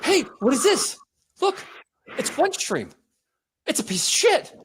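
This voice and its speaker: A man voicing an impression of a breathless, punchy tough-guy movie star, with a hoarse voice. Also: very high voice, huge pitch swings, measured pace, a bit bright, voice pushed up, full character voice. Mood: swaggering.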